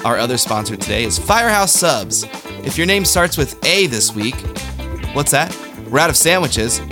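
A man hosting a satirical news monologue with deadpan delivery and self-deprecating asides. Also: mid-range voice, normal speed, music in the background. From Kansas City area. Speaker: comedy news host.

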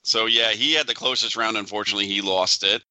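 A man's voice: fairly low pitch, steady tone, fast talker, bright, forceful tone, no echo, rough recording. A man co-hosting a podcast in casual chat, who often chimes in with brief agreeing remarks. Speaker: podcast co-host.

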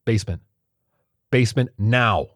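A man's voice: fairly low pitch, a little slow, no room sound, clean studio sound, pitched above the performer's own voice. A man voicing a woman pianist who barks orders in a crisis. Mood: urgent. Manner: urgent, barking orders. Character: commanding woman pianist, the host.

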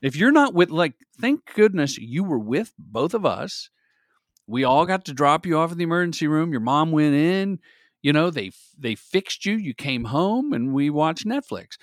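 A middle-aged man, a guest in a casual interview, telling stories in an energetic, animated way. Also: fairly high pitch, normal speed, dry recording, clean studio sound. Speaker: guest, commercial director.

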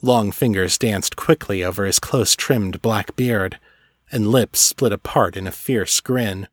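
Male narrator, low and measured, dramatic fantasy reading, dry booth sound. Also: dry recording. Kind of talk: scripted narration.

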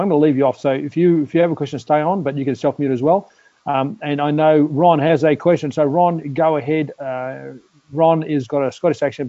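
A man hosts a webinar over a video call, rambling with many "uh" and "um" fillers. His voice is warm and on the high side, with no echo but lo-fi sound.

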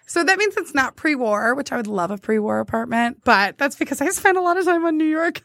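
Young woman, high lively voice, animated storytelling, dry close sound. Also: a little fast, creaky, no echo. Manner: animated, laughing, acting out quotes. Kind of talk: casual chat, storytelling.

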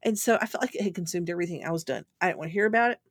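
A woman's voice: fairly low pitch, very fast, breathy edge, dry recording, studio quality. A middle-aged woman, rambling through a personal story as a guest. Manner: rambling, animated when telling a funny story. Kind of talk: casual storytelling.

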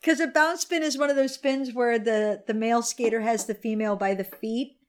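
A woman with a fairly high voice recounts a movie in casual chat, animated and a little tipsy. She laughs often and slips into quick acted-out lines as she goes.

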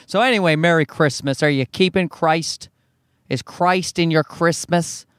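A man with a Newfoundland accent, hoarse from a cold, hosting his podcast in a rambling, profane, self-mocking chat. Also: a little high, measured pace, a bit bright, no room sound, studio quality. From Newfoundland, Canada. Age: adult, married. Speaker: podcast host. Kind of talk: casual solo podcast chat.

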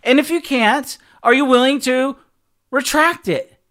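High, bright-voiced man preaching. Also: measured pace. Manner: animated storytelling, acts out both sides of conversations; repeats words and restarts often. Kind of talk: sermon with personal story.

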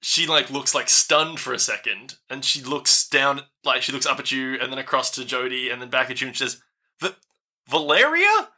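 A man's voice: medium pitch, level tone, brisk, hardly any pauses, bright, forceful tone. A man narrating as game master, loose and rambling with lots of filler words.

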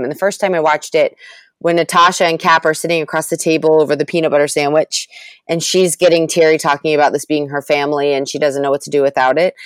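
A woman talking in a casual chat as a podcast guest, animated and laughing as she rants. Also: low voice, smooth, no room sound.

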